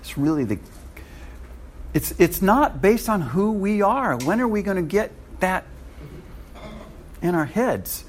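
A male preacher gives a sermon with an animated delivery and frequent chuckling asides. His pitch swings widely and sits somewhat high for a man. A faint hiss of noise runs underneath. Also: slow, long pauses.

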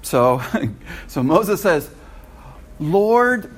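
A man preaching a sermon in an animated way, with frequent chuckling asides. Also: mid-range voice, unhurried.

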